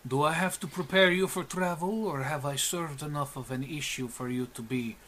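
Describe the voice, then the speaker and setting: A woman's voice: deep voice, moderate pace, fairly bright tone, a little hiss or hum. A man voicing a towering female cat-person guard who speaks in formal, clipped phrases. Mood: stern.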